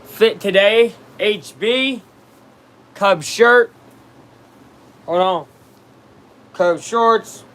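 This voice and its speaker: A man casually commenting on a baseball game on a live stream, chatting with viewers and reacting loudly to plays. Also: sits high, drawn-out words, pauses often.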